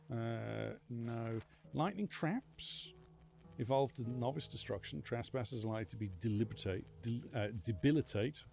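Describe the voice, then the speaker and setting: A man with a gravelly, mid-range voice streams a game live. He chats casually with his viewers, rambling and poking fun at himself as he plays.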